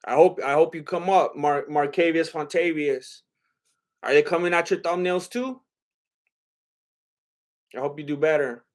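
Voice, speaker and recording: A man's voice: on the high side, steady tone, measured pace, pauses often. Rambling, hesitant man on a livestream. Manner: rambling and hesitant, many fillers and restarts. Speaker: livestream host reading chat. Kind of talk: casual livestream chat.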